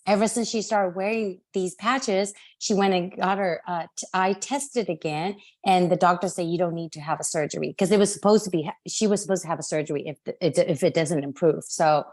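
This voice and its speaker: Woman, 30s, video call guest; warm, apologetic storyteller who laughs between lines. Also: on the low side, brisk, few pauses. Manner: apologetic, laughs often, loses track of dates. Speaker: guest sharing her family story. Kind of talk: casual video call testimonial.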